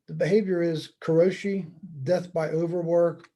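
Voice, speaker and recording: A man from the United States giving a slide-based presentation lecture, conversational and wry, with deadpan joking asides. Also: fairly high pitch, normal speed. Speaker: speaker giving a talk.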